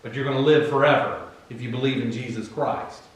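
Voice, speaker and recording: A man's voice: mid-range voice, fairly even intonation. Male pastor, virginian accent, casual sermon, slips into biblical voices, very echoey room, distant mic. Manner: conversational, acts out Bible figures in quick asides. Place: church.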